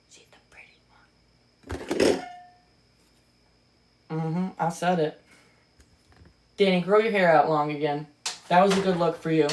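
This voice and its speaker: A woman's voice: on the low side, slight background noise. A woman giving casual, sarcastic and profane reaction commentary on a book she reads aloud.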